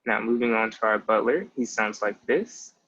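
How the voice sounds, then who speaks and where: A man's voice: lowish voice, normal speed, bright, forceful tone, husky. A young man in his twenties giving a casual spoken language lesson, explaining step by step and often starting with "so" and "basically.". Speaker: language tutor. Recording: muffled lo-fi audio.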